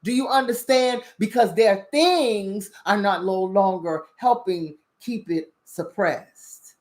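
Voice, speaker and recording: A woman's voice: mid-range voice, takes it slowly, a little mellow. A woman hosting a spiritual talk show, preaching bluntly with lots of profanity and repeated "you understand?" questions. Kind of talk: casual spiritual commentary.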